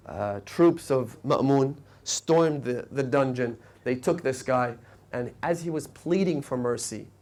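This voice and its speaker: A male preacher delivering a lecture in a fairly high voice. He tells stories with feeling, climbing to passionate peaks and then falling to quiet, hushed lines. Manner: storytelling, rising to emotional peaks and dropping to hushed tones. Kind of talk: sermon lecture. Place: mosque lecture hall.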